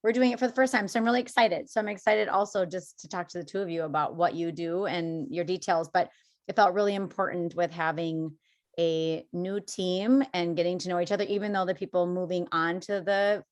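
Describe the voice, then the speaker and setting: A woman's voice: fairly low pitch, a little fast. Upbeat, chatty woman hosting a podcast. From Minnesota. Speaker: podcast host. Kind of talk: casual podcast conversation.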